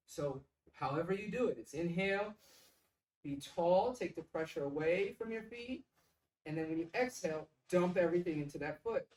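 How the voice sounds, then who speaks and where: A coach walks through pitching drills step by step, leaning hard on key words. The voice sits at an ordinary pitch and sounds set back from the mic in an echoey room. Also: brisk, recorded from a distance. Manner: emphatic, stresses key words. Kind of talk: instructional explanation.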